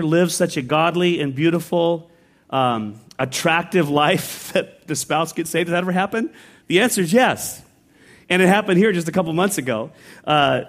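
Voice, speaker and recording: A middle-aged man preaching a sermon as a pastor, telling stories in a lively, conversational way that builds to excited peaks. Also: fairly high pitch. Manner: storytelling, rising to excited peaks. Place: large church sanctuary.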